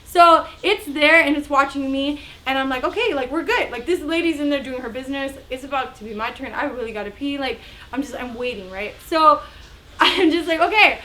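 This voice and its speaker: A young woman telling a story in a casual vlog, chatty and animated, acting out the other people's voices. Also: sits high, a little fast. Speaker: vlogger.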